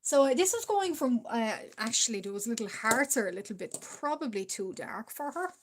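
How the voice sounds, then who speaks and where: A woman's voice: fairly high pitch, expressive, normal speed, slight background noise. A woman with an Irish accent chatting hesitantly with her livestream viewers while she draws, with many fillers and frequent small laughs. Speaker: art livestreamer. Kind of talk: casual livestream chat while drawing.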